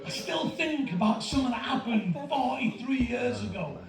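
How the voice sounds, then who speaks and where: A man, telling a profane, animated stand-up story to a laughing audience. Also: very high-pitched, normal speed. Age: 50s. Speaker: stand-up comedian. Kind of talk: stand-up routine. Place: large comedy venue with audience laughter. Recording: echoey venue recorded from far off with crowd.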